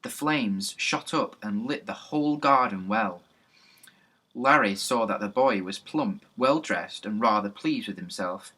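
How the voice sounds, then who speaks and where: A man reads a children's storybook aloud with lively, even narration. His voice sits on the low side but comes through bright and crisp. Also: unhurried. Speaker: reader. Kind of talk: storybook reading.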